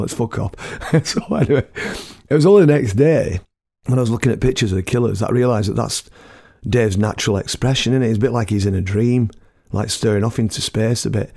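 A man's voice: lowish voice, fast, creaky, darkish tone, dry recording, clean studio sound. A middle-aged man from Britain telling rambling, chatty anecdotes, laughing at his own stories and using slang. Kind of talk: casual storytelling.

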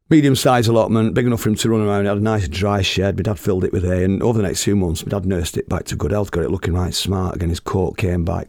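A man's voice: fairly low pitch, gravelly, darkish tone, dry recording. An older man with an Oldham accent tells funny family stories in a dry, wry and earthy way, acting out what people said. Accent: Oldham, Northern English. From Oldham, England. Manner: acts out quoted people in voices. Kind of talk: humorous storytelling.

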